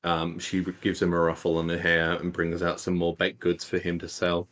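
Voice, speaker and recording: Very low male voice, game master narration, laid-back, lots of ums. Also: moderate pace. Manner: relaxed narration with many fillers and soft laughs.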